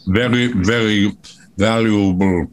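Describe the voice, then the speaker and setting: An older man from Wales, a veteran entertainer, tells stories slowly with dry humor in a radio chat. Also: on the low side, steady tone. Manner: slow, measured storyteller with dry humor.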